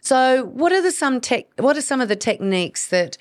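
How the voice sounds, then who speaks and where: A woman's voice: high-pitched, sing-song, moderate pace, no room sound, clean studio sound. A woman hosting an educational podcast, talking earnestly in a coaching manner and acting out inner voices. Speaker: podcast host, hormone practitioner. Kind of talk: solo educational podcast talk.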